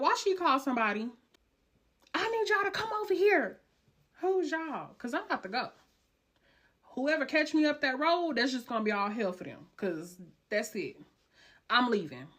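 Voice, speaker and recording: A woman telling a dramatic personal story in a casual vlog, cursing freely and talking in slang. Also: high voice. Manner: animated, profane, slangy storytelling.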